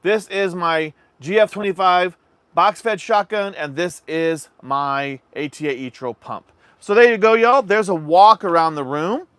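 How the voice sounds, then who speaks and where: A man's voice: fairly high pitch, measured pace, clear, resonant tone, dry recording. A man casually hosting a livestream, chatting easily and reading viewer comments. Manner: relaxed, chatty, addresses viewers as y'all. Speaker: livestream host.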